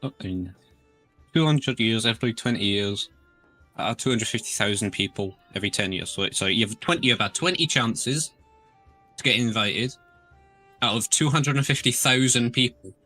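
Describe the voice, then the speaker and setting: A man's voice: medium pitch, moderate pace, bright, forceful tone, soft background music. A man voicing a tiny, meek male squirrel-like creature with a Scottish accent, polite and prone to stammering. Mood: chatty. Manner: hesitant, stammering, politely formal.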